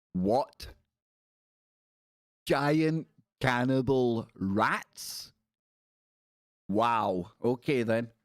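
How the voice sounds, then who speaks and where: A man's voice: medium pitch, darkish tone, no room sound, clean studio sound. A man hosting a casual livestream, reading articles aloud and breaking off into playful jokey asides. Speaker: livestream host.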